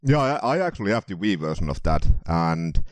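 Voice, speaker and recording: A man's voice: low-pitched, big pitch swings, brisk, no echo. A man co-hosting a podcast, explaining things in casual chat and laughing often. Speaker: podcast co-host.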